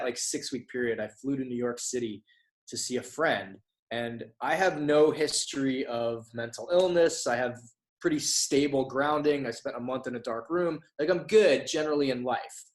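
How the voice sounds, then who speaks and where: A man's voice: mid-range voice, normal speed, poor audio. A man guest on a podcast, telling his story candidly, swearing freely and acting out quoted dialogue. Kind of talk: casual storytelling interview.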